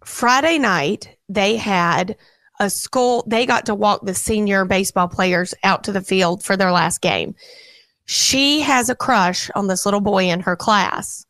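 A woman's voice: medium pitch, measured pace, no echo. A woman in her thirties, a radio co-host, telling a rambling home story on air and acting out the voices in it. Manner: animated, acts out quoted voices, rambling.

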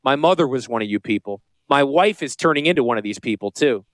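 A man's voice: mid-range voice, animated, fast, no room sound. A middle-aged man from Connecticut hosting a radio show, joking and rambling in casual talk. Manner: joking, rambling, self-deprecating. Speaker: radio show host and financial advisor.

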